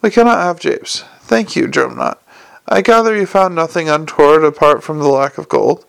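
A man voicing a calm, measured city ruler in an audiobook. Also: fairly high pitch, gravelly. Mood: polite. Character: calm, dry-witted male city ruler.

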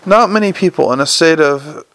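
A man reading a comic novel aloud as narrator, in a dry, measured storytelling manner. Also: on the high side, fairly bright tone, clean tone, dry recording. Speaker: audiobook narrator. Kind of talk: scripted narration.

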